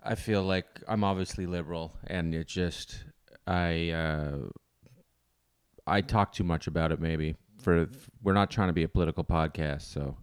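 A man's voice: sits low, fairly even intonation, moderate pace, smooth. A man co-hosting a podcast who talks in a tender, rambling way and laughs easily. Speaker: podcast co-host. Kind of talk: casual podcast chat.

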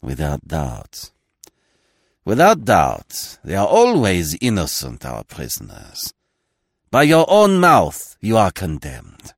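A man's voice: extremely low pitch, slow, creaky, hardly any pauses, mellow, slightly rough, no room sound, clean studio sound, pitched below the performer's own voice, exaggerated voice. A man voicing a pompous male magistrate who speaks with biting, theatrical scorn in an audiobook reading. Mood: grandstanding.

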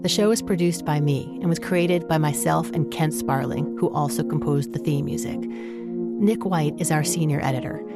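A woman narrates a podcast in a calm, measured, scripted way. Her voice is very low for a woman. Loud instrumental music plays under her.

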